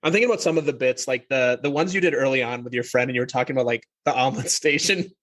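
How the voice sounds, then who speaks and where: A man's voice: medium pitch, very fast, a bit bright. A man hosting a podcast interview, asking rambling questions in a chatty, laughing way. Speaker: podcast host. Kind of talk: casual interview chat.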